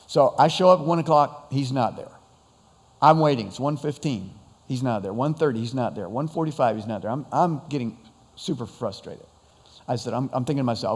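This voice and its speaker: Rambling storytelling preacher in a reverberant church. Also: male voice, medium pitch, fairly quick, darkish tone. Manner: rambling, self-deprecating humor, frequent fillers. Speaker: pastor. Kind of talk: sermon storytelling. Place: church sanctuary. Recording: long church hall reverb.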